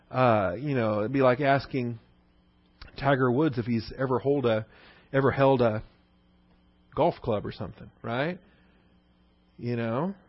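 Man, pastor, sermon, emphatic, rhetorical questions, mid pitch, dry dull sound. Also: no room sound. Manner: emphatic, rhetorical questions, repeats key points. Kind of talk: expository sermon.

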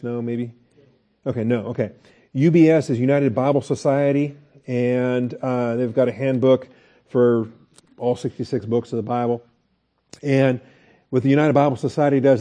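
A man's voice: medium pitch, mellow, dull audio. A man teaching a Bible study lecture in a conversational way, asking the class questions and restarting his sentences.

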